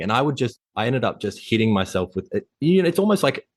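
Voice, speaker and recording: A man's voice: medium pitch, big pitch swings, fast, few pauses, dry recording. A man guesting on a podcast as a fitness coach, talking intensely and bluntly in a motivational way. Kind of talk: casual interview chat.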